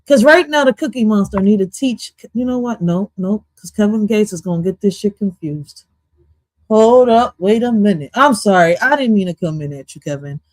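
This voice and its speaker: In a dry recording, a woman offers casual reactions to a podcast clip during her stream, her mid-range voice expressive, a little mellow, and at normal speed. She's goofy, swears, and is slipping into now and then.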